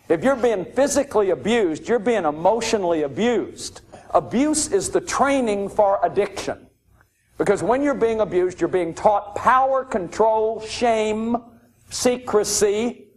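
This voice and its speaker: A man lecturing on addiction and recovery, emphatic and repeating his key phrases. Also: sits high.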